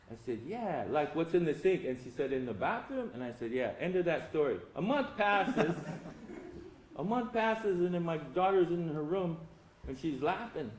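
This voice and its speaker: Speaking in a medium-pitched, darkish voice with a little hiss or hum, an older symposium speaker shares humorous, folksy tales and talks straight to his listeners. The roomy lecture hall adds faint ambience to the recording.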